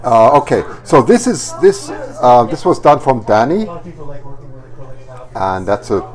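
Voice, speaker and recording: A man's voice: mid-range voice, sing-song, slow, darkish tone. A man running a livestream photo auction on a handheld microphone, flustered and apologetic, coughing now and then with a slightly hazy voice. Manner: flustered, apologetic, laughing often. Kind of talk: casual live auction talk.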